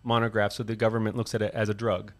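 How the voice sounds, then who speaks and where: A man's voice: on the low side, little pitch movement, fast. A man hosting a science podcast, talking in an easygoing, conversational way with some fillers. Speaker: podcast host, chief science officer. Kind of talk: casual podcast chat.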